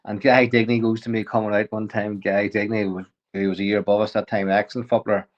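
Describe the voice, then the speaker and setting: A man tells a story as a podcast guest, chuckling as he goes and often stopping to restart a sentence. His voice sits fairly low. The recording sounds a little muffled. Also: fast talker. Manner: lively anecdotal, chuckles often, frequent restarts. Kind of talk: casual storytelling.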